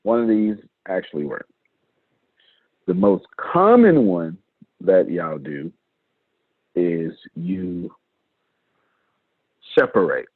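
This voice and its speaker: A man's voice: low voice, very animated, slow, creaky, pauses often, no echo. A man coaching his team in a live online meeting, emphatic and fond of repeating phrases for effect. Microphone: video call. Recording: dry, tinny phone-like call audio.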